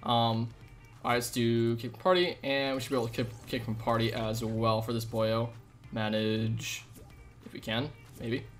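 A man's voice: mid-range voice, level tone, normal speed, soft background music. Upbeat slangy male game streamer. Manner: upbeat, loose, slangy chatter. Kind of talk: casual live-stream chat. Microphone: desk USB microphone.

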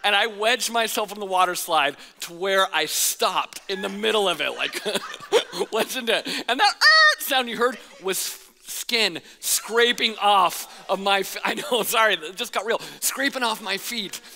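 A male pastor telling a personal story in a sermon, animated and playful, acting out voices and counting. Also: high-pitched, unhurried, long reverb tail, slight background noise. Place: church auditorium.

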